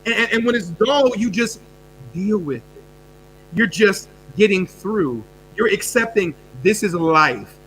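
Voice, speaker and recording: A man from the United States talks with a high, sharp, forceful voice. He tells his story energetically, repeating words and swinging from quick bursts to quiet drops. A faint mains hum sits under the recording. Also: animated, rough recording. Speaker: guest speaker and coach.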